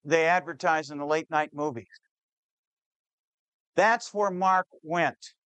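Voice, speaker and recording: A man telling a true-to-life story to an audience, slowing down on key details and voicing the people in it. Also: on the high side, fairly bright tone, smooth, no echo. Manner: shifts pace, slows on key details, plays the people in the story. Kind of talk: dramatic spoken storytelling.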